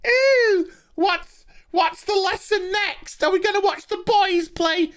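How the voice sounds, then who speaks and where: A man putting on a mocking parody voice of a sassy, theatrical male crew engineer, in a shrill falsetto. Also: takes it slowly, a bit bright, full character voice.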